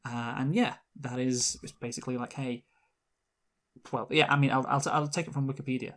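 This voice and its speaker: A man co-hosting a movie review podcast in casual chat, hesitant and wry, often restarting his sentences. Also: mid-range voice.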